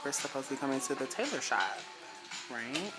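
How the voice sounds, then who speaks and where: A woman's voice: extremely low pitch, very animated, brisk, loud music behind the voice. A woman vlogging casually into her phone while walking around a shopping market, blunt and profane. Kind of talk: casual vlog chat. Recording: loud background noise.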